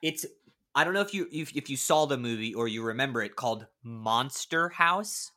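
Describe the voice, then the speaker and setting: Bright, animated man chatting. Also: mid-range voice, moderate pace. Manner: animated, laughs often, many restarts. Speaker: actor, podcast guest. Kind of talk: casual chat.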